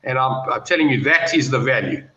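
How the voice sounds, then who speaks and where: Guy talking bets on a call, tense bright voice, lo-fi roomy sound. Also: medium pitch, a little fast. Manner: animated, storytelling, confident. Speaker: betting pundit. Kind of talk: casual panel chat. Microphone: video call. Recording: roomy, dull lo-fi call audio.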